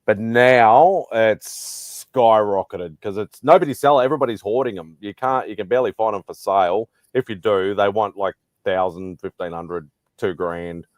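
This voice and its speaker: A man's voice: lowish voice, normal speed, hardly any pauses, dry recording, clean studio sound. A man chatting casually on a video hangout, laid-back and matter-of-fact. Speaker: panelist. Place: home, joined by video call.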